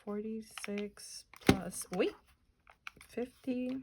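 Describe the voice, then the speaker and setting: A woman's voice: fairly high pitch, drawn-out words, heavy background noise. A woman in her thirties from New Jersey, chatting casually while counting cash aloud and muttering to herself. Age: 30s. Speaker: budgeting channel host.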